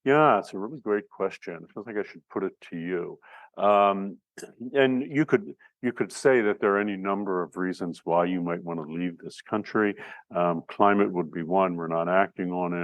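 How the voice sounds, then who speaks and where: A man's voice: low voice, no echo. A man from the United States giving a recorded class lecture, thinking aloud with fillers and restarts. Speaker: instructor.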